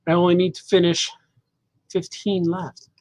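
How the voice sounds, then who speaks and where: A man's voice: sits high, level tone, moderate pace, a little mellow, dry recording, rough recording. A man cartoonist chatting casually to viewers as he colors his comic pages, rambling as he works. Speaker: cartoonist livestreaming his drawing. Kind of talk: casual live commentary while drawing.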